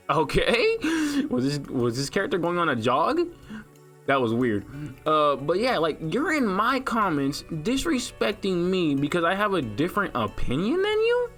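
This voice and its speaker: A young man with a mid-range, slightly bright voice hosts a let's play. He rambles loosely over the gameplay, using slang and lots of filler in this casual gaming commentary.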